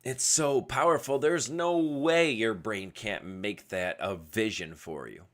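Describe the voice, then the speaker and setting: A man's voice: on the low side, slow. A man hosting a casual solo livestream podcast at his computer webcam, rambling and going off on tangents. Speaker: podcast host. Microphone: webcam setup at a computer.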